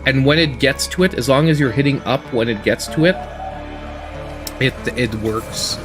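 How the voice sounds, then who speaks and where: A man hosting a gaming livestream who tells stories in a casual, animated way and laughs often while he plays. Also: mid-range voice, moderate pace, over music. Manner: animated storytelling, laughing often, mimicking voices. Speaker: gaming channel host.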